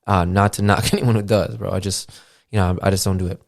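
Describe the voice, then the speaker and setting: Talking fast in a low, steady voice with vocal fry, this thirties podcast host rambles through a loose monologue full of fillers and casual cursing. It's a dry, studio-quality recording made on a podcast mixer setup.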